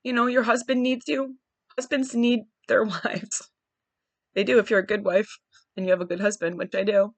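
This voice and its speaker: A woman's voice: medium pitch, level tone, normal speed, no room sound. Candid, searching woman talking to herself. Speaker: podcast host. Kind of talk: personal reflective monologue.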